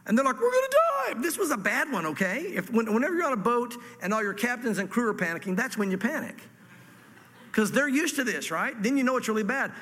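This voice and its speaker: A high, bright male voice preaching a sermon with long hall reverb. He is animated and reads scripture dramatically, sometimes dropping to a hushed aside. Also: fairly quick. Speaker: pastor. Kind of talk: expository sermon.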